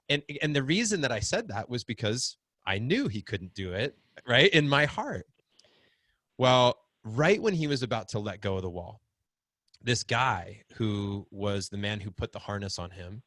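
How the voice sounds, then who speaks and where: A middle-aged man telling a story in casual conversation, acting out quotes with big swings in pitch. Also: no room sound. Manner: animated, acts out quotes with big pitch jumps. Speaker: podcast guest, fatherhood group founder.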